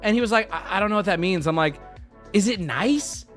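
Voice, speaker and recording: A man streaming to his chat, telling a travel story in a lively way and jumping into squeaky put-on voices for the people he quotes. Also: a little fast, faint music behind. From United States. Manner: lively, swings into high squeaky voices when quoting people.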